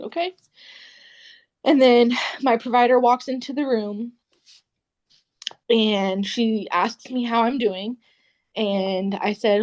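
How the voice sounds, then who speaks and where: A young woman shares a hard personal story on a podcast, quoting the people around her as she goes. Her voice sits at a middle pitch for a woman. She hesitates often, with many fillers and restarts. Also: darkish tone. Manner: emotional retelling, quoting others in dialogue. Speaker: podcast guest.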